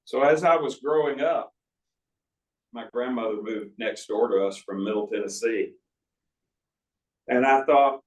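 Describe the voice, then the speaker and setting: Heard from far back in a roomy hall, a man in his sixties gives a book talk in an arts center auditorium, telling folksy, anecdotal stories with asides to the live audience. His mid-range voice is unhurried and broken by long pauses.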